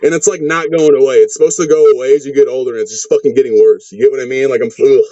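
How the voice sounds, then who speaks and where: A man's voice: mid-range voice, fairly even intonation, very fast, warm tone, no echo. Rambling, foul-mouthed man wrestler. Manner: rambling, swears constantly, restless. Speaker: wrestler, podcast guest. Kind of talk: casual profane interview chat. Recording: dull lo-fi sound.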